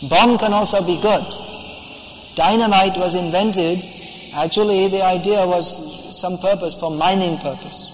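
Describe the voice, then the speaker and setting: A man with a high voice preaches a devotional lecture in a hall with a long echo. He is emphatic and scolding, quotes Sanskrit verse and drives his points home with insistence. A faint hum of ambience sits behind him. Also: fairly bright tone.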